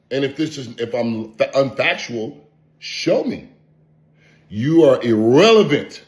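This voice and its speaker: In a roomy, echoing space, a man who makes online content delivers a profane, mocking vlog rant packed with repeated insults. His voice is fairly low in pitch and a bit mellow.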